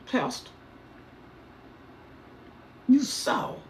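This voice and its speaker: A woman's voice: mid-range voice, moderate pace, gravelly, a little hiss or hum. A woman retelling a Bible passage with colloquial, playful asides between the verses. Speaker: Bible teacher.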